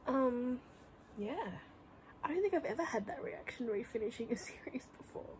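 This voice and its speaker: Young woman rambling about books she loves, kinda high voice, half whispers a lot, faint hiss behind. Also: animated, moderate pace, darkish tone, rough recording. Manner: gushing, rambling, often drops to a whisper. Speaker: book vlogger. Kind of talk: casual reading vlog chat. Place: home room.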